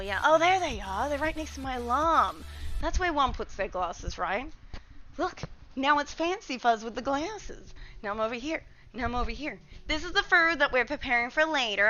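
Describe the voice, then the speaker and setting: A woman's voice: high-pitched, sharp tone. A young woman chatting to her stream viewers from her home kitchen, scatterbrained and a little out of breath. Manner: scatterbrained and chatty, talking to chat. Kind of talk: casual live-stream chat.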